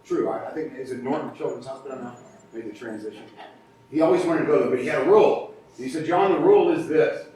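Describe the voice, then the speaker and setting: Man telling stories in an echoey hall. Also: quick pace. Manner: lively anecdotal storytelling, acting out quotes. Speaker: guest speaker, podcast co-host. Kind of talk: storytelling speech at a club meeting. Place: large meeting room. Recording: echoey room, faint rumble, far from mic.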